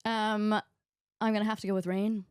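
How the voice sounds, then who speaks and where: A woman comedian chatting as a podcast guest, excitable and emphatic. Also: mid-range voice, measured pace, clean tone, no echo, studio quality. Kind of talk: casual podcast chat.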